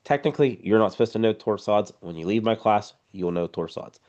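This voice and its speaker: Low-voiced man, blunt no-nonsense instructor, casual and emphatic, video call. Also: expressive, a little fast, darkish tone, highs cut off. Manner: blunt, informal, emphatic teaching. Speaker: EMS instructor. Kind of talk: casual online class lecture.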